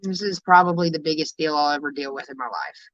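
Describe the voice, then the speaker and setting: Female streamer, unscripted and emotional, heavy profanity, halting delivery; dull, dry home audio. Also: sits low, dry recording. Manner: raw, emotional, swears constantly, halting restarts. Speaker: livestreamer. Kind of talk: candid livestream talk to viewers.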